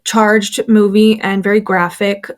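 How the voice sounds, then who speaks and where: A young woman in a casual interview, telling her story in a lively, talkative way. She laughs often and acts out the voices of people she describes. Her pitch sits in a middle range for a woman. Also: measured pace. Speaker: former church member interviewee.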